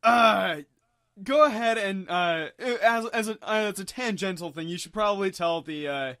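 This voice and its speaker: High-voiced laughing co-host, man. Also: normal speed, sharp tone, dry recording, clean studio sound. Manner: laughing, encouraging interjections. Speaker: podcast co-host. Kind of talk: casual chat.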